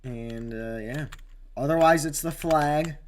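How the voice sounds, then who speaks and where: A man commentating his own sim race on a live stream, rambling with many fillers and sudden excited outbursts. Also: a little high, slow, slight background noise.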